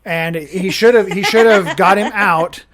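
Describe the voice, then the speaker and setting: High-voiced man telling a rambling story. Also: unhurried, fairly bright tone. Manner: rambling, self-correcting storyteller. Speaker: podcast guest. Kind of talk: casual storytelling chat.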